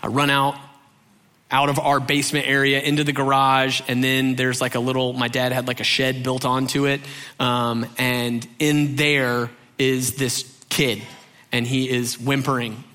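A man's voice: mid-range voice, a little slow. Man animatedly telling a funny story. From Georgia, US. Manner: animated, acts out quoted voices, frequent "right?" asides. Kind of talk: humorous personal anecdote.

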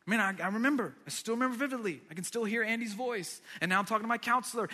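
A man preaching a sermon as pastor, emphatic and energetic, building to loud declarations. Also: sits high, fast talker, few pauses, long reverb tail. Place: church sanctuary.

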